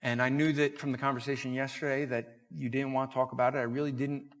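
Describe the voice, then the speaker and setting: A man giving a conference talk at a church, telling a story and acting out the dialogue in an animated way. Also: mid-range voice, fast talker, crowd noise. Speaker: conference speaker. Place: church hall. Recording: reverberant church hall.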